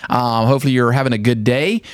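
A man's voice: mid-range voice, fairly even intonation, fast talker, no room sound, studio quality. A man co-hosting a casual Christian podcast, earnest and enthusiastic, with frequent fillers and restarts. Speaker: podcast co-host.

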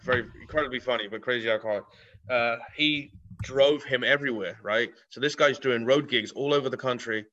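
Male guest comic from England, bright forceful voice, blunt and profane, muffled lo-fi recording. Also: medium pitch. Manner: blunt, swearing, laughs often. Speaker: guest comedian. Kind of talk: casual podcast chat.

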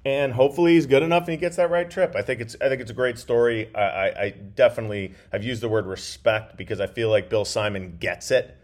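A man's voice: mid-range voice, fast talker, few pauses. A man co-hosting a casual podcast, chatty, with a slight cough and many restarts. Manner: chatty, restarts and trailing phrases. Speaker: podcast co-host. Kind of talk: casual chat.

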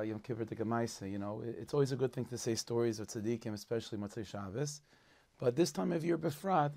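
A man telling a story as a rabbi, lively and animated, mixing Yiddish and Hebrew words into his English. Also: medium pitch, creaky. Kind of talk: spoken storytelling.

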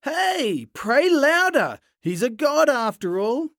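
A man's voice: a little high, sing-song, measured pace, no echo, clean studio sound. A man voicing a confident, playful prophet in a storybook retelling, laying out a challenge and mocking his rivals. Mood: teasing. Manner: playful, matter-of-fact, mocking.

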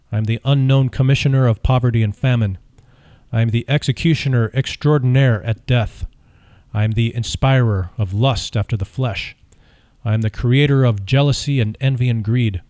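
A man's voice: medium pitch, dark tone, no room sound, studio quality, lightly acted. A man voicing the Devil, a sinister male spirit who boasts in long declarative lists. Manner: declarative, self-proclaiming lists.

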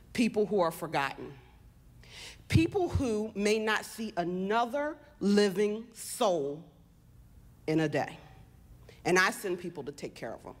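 A woman giving an earnest personal speech on stage, slowing down to stress her points. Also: on the low side.

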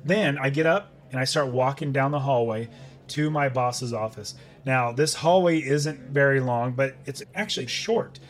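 A man's voice: mid-range voice, normal speed, soft background music. A middle-aged man, a podcast guest, telling a personal story in conversation and acting out his own past thoughts.

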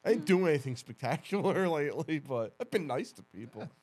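Lively man telling a story. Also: a little high, fairly quick, breathy edge, dry recording. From New Jersey. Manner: animated storyteller, swears freely, mimics others. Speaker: podcast co-host. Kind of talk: casual chat. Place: podcast studio.

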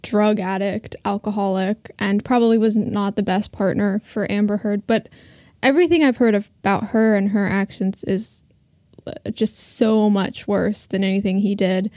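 A woman's voice: medium pitch, fairly even intonation, moderate pace, mellow, no echo, clean studio sound. A woman chatting casually as a podcast co-host, opinionated and gossipy about the news. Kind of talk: casual chat.

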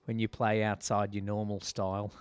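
A man's voice: lowish voice, monotone, normal speed, clear, resonant tone, no room sound. A man chatting casually and making wry jokes while watching a movie with a friend. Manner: wry, joking asides. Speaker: movie commentator. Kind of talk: casual movie commentary chat.

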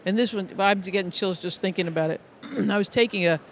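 A man's voice: high-pitched, fairly quick, a bit bright, slight background noise. A middle-aged man, a music educator, telling stories in an interview, earnest and full of restarts and repeated words. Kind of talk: conversational interview storytelling.

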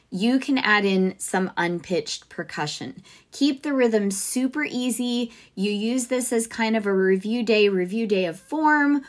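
Chatty woman music teacher. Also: medium pitch. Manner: chatty, upbeat, lots of asides. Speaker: music teacher podcast host. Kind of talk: podcast teaching advice.

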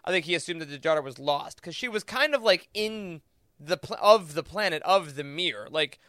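A man with a bright, smooth voice and a fairly high pitch, recorded dry and close. He co-hosts a podcast and works through ideas aloud in a relaxed, thoughtful way, with plenty of fillers. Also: a little fast, no room sound. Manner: thoughtful, interprets at length with many fillers. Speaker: podcast co-host. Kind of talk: casual discussion.

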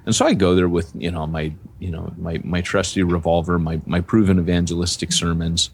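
Deep-voiced man telling a story. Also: brisk, gravelly, a little hiss or hum. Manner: rambling, animated storytelling with frequent restarts. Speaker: podcast co-host, church planter. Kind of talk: casual storytelling on a podcast.

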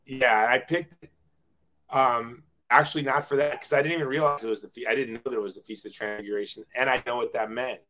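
A man's voice: medium pitch, fairly even intonation, fast, pushed and bright, slight background noise. A man in his forties, a guest telling his life story in a casual, self-deprecating way, often acting out quoted dialogue.

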